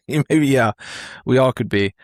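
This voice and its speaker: Relaxed rambling man, dry sound. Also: medium pitch, slow pace, no echo. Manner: relaxed, rambling, hesitant with fillers. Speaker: podcast host. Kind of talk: casual podcast chat.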